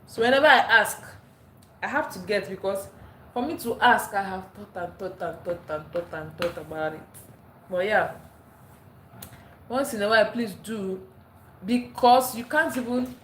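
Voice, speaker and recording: A woman's voice: on the high side, a bit bright, slight background noise. A tired woman from Nigeria hosting a casual live stream, greeting viewers by name and repeating herself as she talks. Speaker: livestream host. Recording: echoey room, faint ambience.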